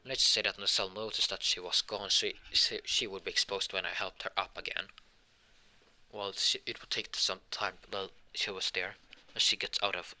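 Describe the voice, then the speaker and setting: A man's voice: low voice, bright, forceful tone. A tired young man improvising a fan story, rambling and hesitant with many restarts.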